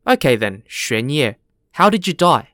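A man's voice: mid-range voice, sing-song, unhurried, fairly bright tone, dry recording, clean studio sound. A man voicing a curious, chatty male gatekeeper of heaven. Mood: inquisitive. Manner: chatty, inquisitive questioning.

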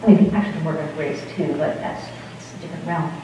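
A woman's voice: low voice, fairly even intonation, fast, dark tone, slight background noise. A woman giving an informal spiritual talk in a rambling, chatty way, often breaking off mid-sentence. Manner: rambling, chatty, self-interrupting. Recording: distant, echoey hall, dull sound.

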